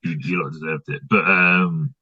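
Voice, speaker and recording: A man's voice: low-pitched, fairly even intonation, normal speed, husky, no room sound, lo-fi sound. A man with an English Midlands accent co-hosting a casual podcast, speaking in a dry, hesitant way. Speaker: podcast co-host. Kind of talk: casual chat.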